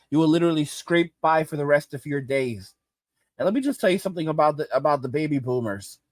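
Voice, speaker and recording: A man's voice: a little high, dry recording. A male host delivering an angry, emphatic rant, repeating his points over and over. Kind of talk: ranting commentary.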